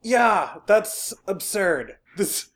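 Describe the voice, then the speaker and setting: A woman with a medium-pitched voice co-hosts a podcast, chatting casually. She's animated and laughs easily.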